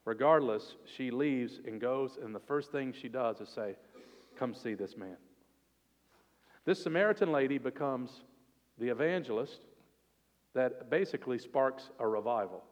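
A man preaching a sermon as pastor, earnest and expressive, sometimes dropping to a soft, intimate tone. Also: medium pitch, moderate pace. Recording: long reverb of a hall.

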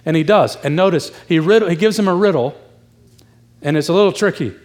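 Breathless conversational preacher, fairly high voice. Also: male voice, brisk, a little mellow. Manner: conversational, emphatic, acts out voices of the story. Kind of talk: expository sermon.

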